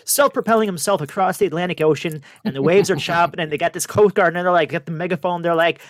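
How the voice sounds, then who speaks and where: Talking fast in a fairly high voice with no echo, a man co-hosting a casual radio show tells a wild news story full of energy. He animates it by putting on voices for the quoted people.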